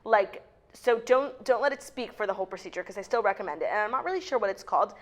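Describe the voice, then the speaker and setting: A young woman co-host, talking quickly in a studio and filling every sentence with "like." Her pitch sits in the middle, and the tone is loose, everyday chat. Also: expressive. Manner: chatty, constant "like" fillers. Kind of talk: casual chat.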